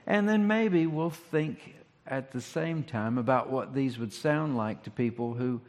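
A pastor giving a sermon, talking in a conversational, reflective way with rhetorical questions. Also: male voice, medium pitch, measured pace, darkish tone. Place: church sanctuary. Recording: long hall reverb.

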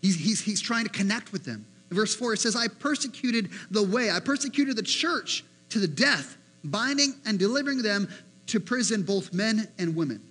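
A man preaching a sermon as pastor, animated, acting out the voices he quotes. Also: high-pitched, normal speed, slightly rough, low-quality recording.

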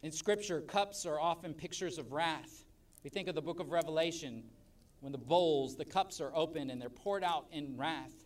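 Pastor guy preaching, fairly high voice, goes loud then quiet, mic kinda far off. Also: moderate pace. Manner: emphatic preaching, swells loud then drops soft. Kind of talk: sermon. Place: church service.

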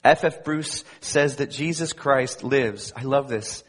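A male pastor preaching a sermon, emphatic, swinging between loud emphasis and soft, quiet asides. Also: medium pitch, takes it slowly, hardly any pauses. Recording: husky voice with long hall reverb.

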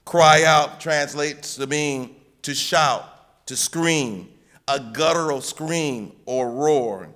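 A man's voice: fairly high pitch, slow pace, fairly bright tone. Emphatic male preacher in a sermon. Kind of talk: Good Friday sermon.

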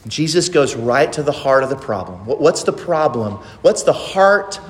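A man's voice: mid-range voice, big pitch swings, normal speed, a little hiss or hum. A male pastor preaching a sermon, emphatic and full of rhetorical questions. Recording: long hall reverb.

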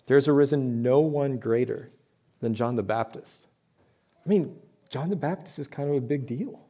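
A man's voice: mid-range voice, mellow. A man preaching a sermon to his church, talking in a conversational way with rhetorical questions and emphatic points. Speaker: pastor.

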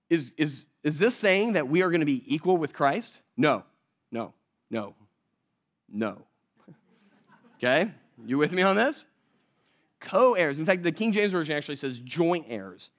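A man with a fairly high voice preaches a sermon in a loose, chatty way and keeps asking whether his listeners are with him. The recording sounds a little dull and lo-fi. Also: big pitch swings, normal speed, pauses often. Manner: conversational, checks in with the congregation. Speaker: pastor.

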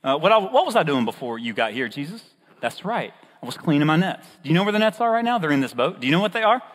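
Preacher putting on a whiny fisherman guy, high and all over the place, husky, big echoey hall. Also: very animated, quick pace, a bit bright. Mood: incredulous, excuse-making. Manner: incredulous, pitch jumping high, comic pleading. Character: fisherman Simon, animated young man, reluctant and excuse-making.

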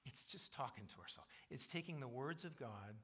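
A man preaching a sermon as pastor, reading scripture and building to loud, emphatic passages. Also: mid-range voice, lively intonation, normal speed, breathy edge. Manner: quotes scripture aloud.

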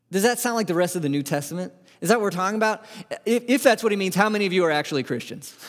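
A man preaching a conversational sermon as pastor, asking his listeners many rhetorical questions and often restarting words. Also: a little high. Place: church sanctuary. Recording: long hall reverb.

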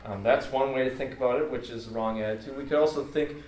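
A man with a darkish, medium-pitched voice talks fast through an earnest, informal sermon delivered conversationally and filled with fillers. The sound is echoey, picked up by a mic some distance away.

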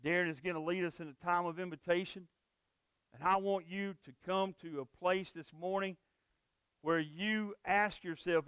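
A man delivers a sermon in a church with a high, smooth and resonant voice. He preaches emphatically, repeating key phrases for weight. The sound is close and dry, with little room echo. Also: steady tone, normal speed, a bit bright. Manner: emphatic, repetitive preaching cadence. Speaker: pastor. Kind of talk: sermon with closing prayer.

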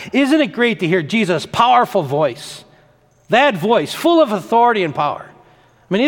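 A male pastor preaches with an animated, emphatic delivery, building on repeated phrases. His voice sits a bit high. A long reverb trails every line. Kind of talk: sermon.

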